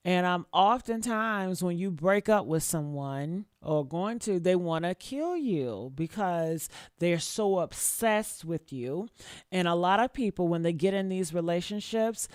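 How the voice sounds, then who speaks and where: A woman's voice: on the low side, darkish tone, clear, resonant tone, no echo, studio quality. A woman commentator giving a blunt, profane, preachy rant in a casual style. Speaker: online commentator.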